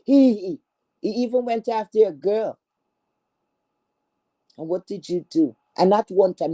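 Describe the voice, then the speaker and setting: Medium in pitch and mellow in tone, a female streamer delivers a scornful, profanity-laced callout that's openly confrontational. She keeps repeating herself and stumbles into stammered restarts.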